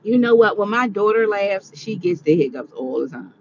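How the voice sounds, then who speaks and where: A woman's voice: mid-range voice, lively intonation, moderate pace, darkish tone, muffled recording, slight background noise. A tired woman vlogging to her viewers in a rambling, chatty monologue. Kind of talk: casual monologue.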